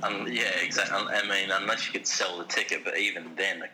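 Deep-voiced aussie young guy, really bright sharp tone, laid-back crude banter. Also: fairly even intonation, a little fast, slight background noise, rough recording. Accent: Australian. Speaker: podcast co-host. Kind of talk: casual chat.

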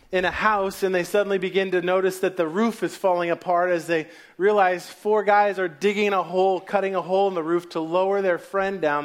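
A man preaching a sermon, telling stories and dropping to quiet asides. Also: high voice.

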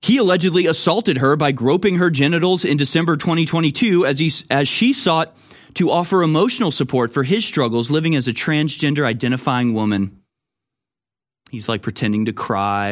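A man's voice: on the high side, animated, brisk. Man, talk show host, political commentary, indignant, mocking. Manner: indignant, mocking, puts on voices for people he quotes. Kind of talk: commentary, reading and reacting to news.

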